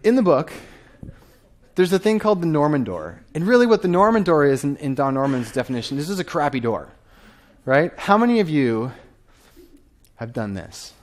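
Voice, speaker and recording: A man in his thirties giving a lively conference talk from a stage, often asking the audience questions. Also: fairly high pitch, moderate pace, pauses often. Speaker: conference speaker.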